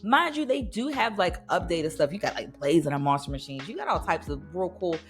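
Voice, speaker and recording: A woman in her thirties hosts a casual, nostalgic podcast in a lowish voice that is very animated and a little fast. With soft music in the background, she laughs and often shifts into playful voices.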